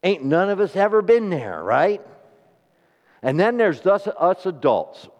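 A man preaching a sermon in a church hall, conversational, turning questions to the congregation, swinging from emphatic to soft and slow. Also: sits high, big pitch swings. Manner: rising to emphatic, then drops to soft and slow. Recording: dull sound with long hall reverb.

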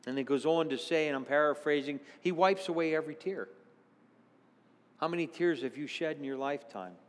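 A man's voice: fairly high pitch, brisk. Man preaching in a reverberant church. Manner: earnest, swings between hushed and exclaiming. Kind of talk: sermon.

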